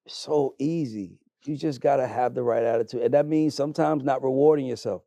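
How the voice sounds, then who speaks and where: A man's voice: medium pitch, fairly quick, dark tone, no room sound. A man, a podcast guest, telling his life story bluntly and emphatically, swearing freely as he talks. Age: adult. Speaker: podcast guest, music manager. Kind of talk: candid conversational storytelling.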